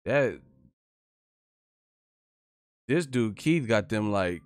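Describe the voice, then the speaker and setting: A man hosting a live stream, giving casual, profane fight commentary, animated and quick to laugh. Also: on the low side, clean tone, no echo. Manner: animated, profane, laughing, breaks into yelled impressions.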